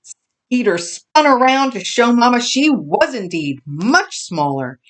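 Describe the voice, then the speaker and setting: A woman reading a children's farm story aloud, expressive and gentle. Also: on the high side, slow. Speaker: storybook reader.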